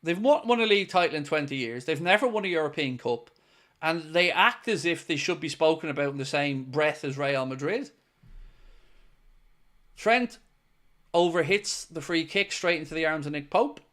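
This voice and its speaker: A man's voice: on the high side, animated, moderate pace, fairly bright tone. A man hosting a live football watchalong, mixing play-by-play with joking chat to his viewers. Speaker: host.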